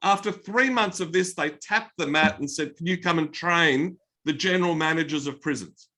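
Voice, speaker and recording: Bright-voiced Australian man giving a motivational talk. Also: on the high side, moderate pace. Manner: energetic anecdotal storytelling. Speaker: keynote speaker.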